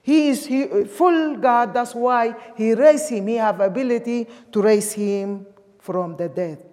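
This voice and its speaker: Woman preacher, fairly high voice, slow emphatic delivery, long hall echo. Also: dark tone. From Sudan. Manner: emphatic, with non-native English grammar. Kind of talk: sermon.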